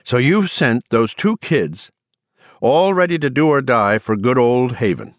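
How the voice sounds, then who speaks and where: Brief: narrator doing an angry drunk middle-aged man, sarcastic rant, lively swings in pitch, dry close read. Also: measured pace, no room sound, lightly acted. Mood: bitter ranting. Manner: ranting, sarcastic. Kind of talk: audiobook character voice.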